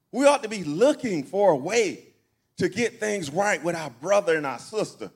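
High-pitched pastor preaching in church, folksy, keeps asking the congregation questions. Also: male voice, breathy edge. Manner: folksy and conversational, with repeated phrases. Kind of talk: sermon. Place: church sanctuary.

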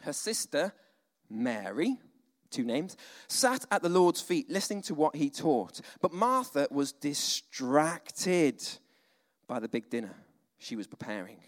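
A male preacher giving a conversational, animated sermon, full of asides and dramatic sighs. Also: fairly high pitch, unhurried. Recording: long hall reverb.

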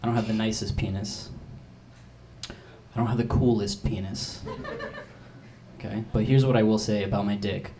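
A man's voice: fairly low pitch, fairly even intonation, normal speed, long pauses, mellow. A man in his twenties doing a rambling, self-deprecating stand-up set, full of "like" and restarts. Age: 20s. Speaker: stand-up comedian. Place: comedy club stage. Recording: noisy live comedy club. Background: audience laughter.

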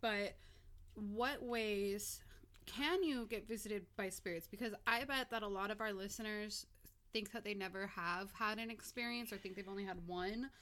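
A woman's voice: medium pitch, moderate pace, a bit bright. A young adult woman hosting a podcast, chatty and blunt in casual conversation. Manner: chatty, blunt, swears freely. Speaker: podcast host.

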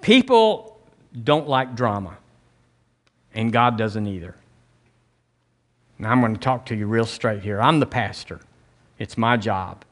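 Man, pastor, blunt emphatic preaching, call-and-response. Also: on the low side. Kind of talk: sermon.

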